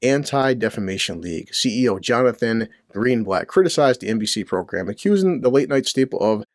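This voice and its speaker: A middle-aged man hosts his own channel from a home basement near a boiler, ranting crudely about the news with rhetorical questions and nonstop swearing. His mid-range voice is animated and brisk, and the recording is dry and studio quality.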